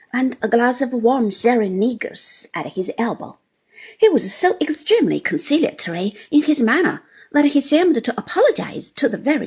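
A woman reading a classic novel aloud in a measured, expressive storytelling manner. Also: on the high side, breathy edge. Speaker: audiobook reader.

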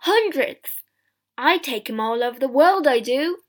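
A woman reading a storybook, voicing a loud, eager, servile Victorian male showman who calls everyone sir. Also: high-pitched, expressive, measured pace. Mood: fawning.

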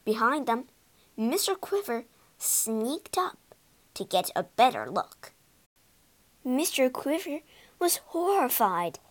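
A woman narrating a storybook with an expressive, dramatic reading. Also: sits high, slow, long pauses.

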